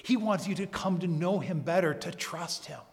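In a reverberant church hall, a male pastor gives an earnest, emphatic sermon full of rhetorical questions. His voice sits high and has a creaky quality, and he speaks at a normal speed.

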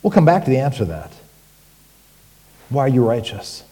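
A man preaching a sermon as pastor, animated and rhetorical, with sudden emphatic rises. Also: medium pitch, moderate pace, in a large hall.

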